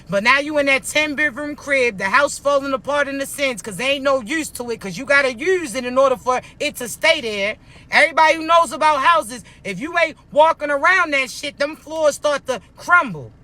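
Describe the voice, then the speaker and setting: High bright-voiced man preaching bluntly. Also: animated, normal speed. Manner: blunt, profane, repeats "I'm not playing with you". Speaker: spiritual motivational speaker. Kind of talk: preachy motivational monologue to viewers.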